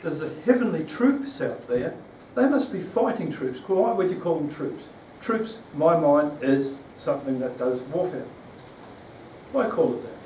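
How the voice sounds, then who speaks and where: NZ male preacher, fairly high voice, rambling sermon delivery, recorded far off in an echoey room. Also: sing-song, measured pace, mellow, slight background noise. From New Zealand. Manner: rambling, with restarts and questions to the congregation.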